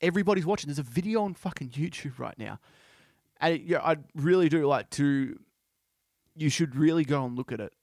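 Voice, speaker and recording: A man hosting a podcast, speaking in an impassioned, halting way with many restarts. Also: on the high side, darkish tone, dry recording, studio quality. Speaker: podcast host. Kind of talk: casual monologue.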